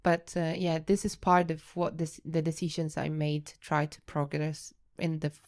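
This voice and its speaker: A woman with an Italian accent, a researcher being interviewed on a podcast, who hesitates and restarts often but gets animated when she explains. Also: low voice, moderate pace. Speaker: guest researcher.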